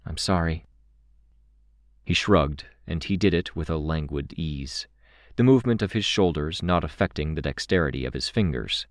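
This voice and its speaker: A man narrating a first-person novel in an even, unhurried way. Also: very deep voice, no room sound, clean studio sound. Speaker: audiobook narrator.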